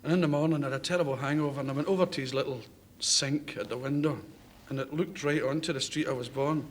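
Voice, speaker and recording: A man's voice: a little high, fairly even intonation, quick pace. A Scottish man in his thirties with a Glasgow accent, telling stories on a chat show and laughing through them. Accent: Glaswegian Scottish. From Scotland. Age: 30s. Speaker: comedian guest. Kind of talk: anecdotal chat show storytelling. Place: television studio with audience. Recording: noisy 1970s television audio.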